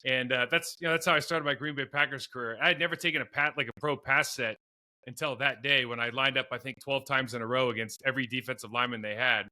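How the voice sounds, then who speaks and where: Bright-voiced former football player telling stories. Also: male voice, medium pitch, steady tone, quick pace. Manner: rambling, self-deprecating storyteller with many restarts. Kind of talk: storytelling in a podcast interview.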